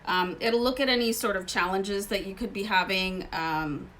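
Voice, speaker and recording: A woman in Canada hosts a casual tarot card reading, chatting and rambling with plenty of asides. Her mid-range voice is slightly bright and moves at a normal speed, and there's a little hiss or hum on the recording.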